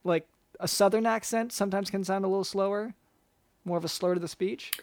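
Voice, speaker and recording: A woman host playing a doctor in an improv comedy chat, hesitant and halting as she earnestly explains. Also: mid-range voice, steady tone, darkish tone, no room sound.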